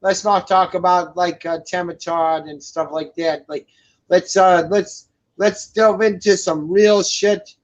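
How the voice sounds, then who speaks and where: A man's voice: high voice, steady tone, unhurried. A man co-hosting a casual talk show, ranting in crude, profane language and repeating himself with many fillers. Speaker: co-host. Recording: dull lo-fi sound.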